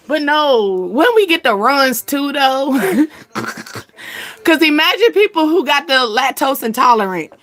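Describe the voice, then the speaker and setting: A woman chatting casually as a channel host, animated and slangy, laughing often. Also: high voice, a little slow. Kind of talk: casual chat.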